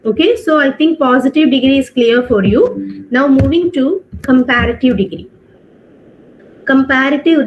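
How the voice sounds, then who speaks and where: A woman's voice: high-pitched, a little hiss or hum. A woman teaching an online English class, explaining step by step, checking with questions and mixing in Hindi phrases. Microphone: video call. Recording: dull online-class audio.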